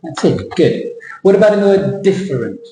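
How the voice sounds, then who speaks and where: Man slowly modeling English words. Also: high voice, very animated, dark tone, roomy sound, poor audio. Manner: slow, drawn-out modeling of words, switching into Thai. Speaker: English pronunciation teacher. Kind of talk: classroom pronunciation lesson.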